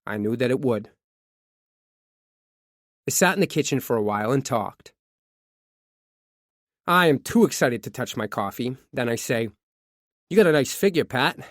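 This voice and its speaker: Casting: male audiobook narrator, mid-pitched, measured confessional reading, dry close-miked sound. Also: expressive, fairly bright tone, no echo. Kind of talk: scripted true crime narration.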